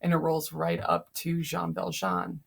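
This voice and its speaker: A woman's voice: lowish voice, little pitch movement, unhurried, creaky, breathy edge. A young woman casually summarizing a novel chapter for a class, tired, with many fillers. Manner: chatty, frequent fillers.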